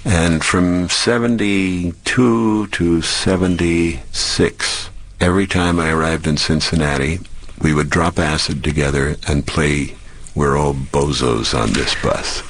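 Older man, former dj, deep voice, relaxed storytelling. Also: slow pace. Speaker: former DJ interviewee. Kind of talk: anecdotal interview.

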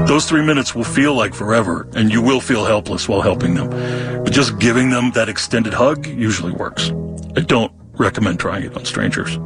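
A man narrating a personal story in the first person, candid and wry with deadpan humor. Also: fairly low pitch. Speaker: memoir narrator.

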